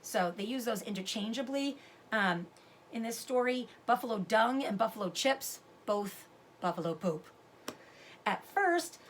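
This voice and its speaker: A woman teacher reading a chapter book aloud to her students, expressive and stopping to explain words. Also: mid-range voice, slight background noise.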